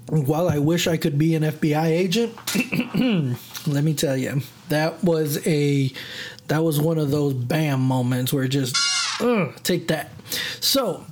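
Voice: mid-range voice, darkish tone. A podcast host in a casual monologue, telling stories in a chatty way, full of fillers and restarts. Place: lives in Chicago area.

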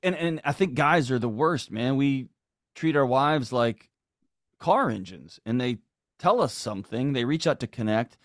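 A man's voice: mid-range voice, expressive, a little slow, no room sound, clean studio sound. A middle-aged man talking earnestly and with emphasis on a podcast, acting out quoted lines as he goes. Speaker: guest. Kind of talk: conversational podcast talk.

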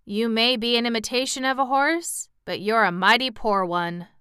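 A woman's voice: on the high side, moderate pace, pushed and bright, smooth, no echo, clean studio sound, pitched above the performer's own voice. A woman voicing a proud, boastful male cab horse who talks down with pity. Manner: haughty, pitying.

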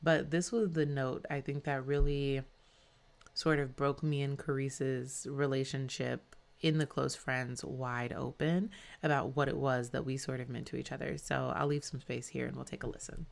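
A woman's voice: very deep voice, flat delivery, normal speed, creaky. A woman hosting a podcast, talking candidly and casually about her friends, with fillers and some swearing. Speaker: podcast host. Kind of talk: scripted podcast narration.

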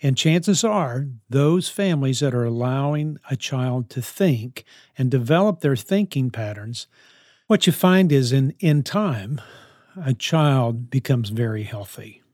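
A man's voice: medium pitch, lively intonation, unhurried, a little mellow, no echo, clean studio sound. A man answering parenting questions in an earnest, coaching way, often restarting his sentences. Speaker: parenting advice speaker.

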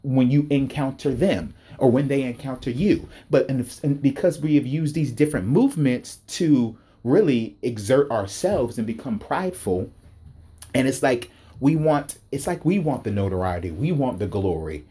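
A man giving an impassioned sermon-style talk, repeating himself and rising sharply in pitch when worked up. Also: animated, normal speed, mellow, slightly rough. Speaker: preacher. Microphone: speaking to a recording device.

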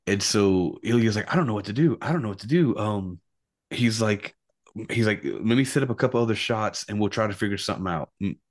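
A man co-hosting a casual movie podcast, telling behind-the-scenes stories with lively acted-out quotes. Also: on the low side, a little fast. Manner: animated storyteller, acts out quotes. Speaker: podcast co-host.

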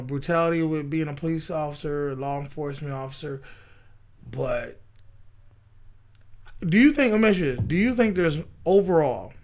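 A man with a notably high voice co-hosting a casual podcast. He gives his views in an animated, opinionated way, often with a laugh in his voice. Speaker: podcast co-host. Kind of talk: casual chat.

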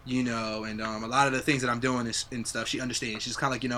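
Bright quick-talking young man. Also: medium pitch, flat delivery, a little hiss or hum. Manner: laid-back, swears freely, reflective. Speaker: podcast host. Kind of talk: casual chat.

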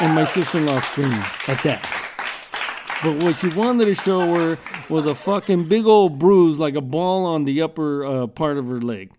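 A man's voice: fairly high pitch, normal speed, crowd noise, noisy background. A man hosting a podcast, telling rambling jokey stories in a casual, profane way. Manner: profane, rambling, joking storyteller. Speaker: podcast host.

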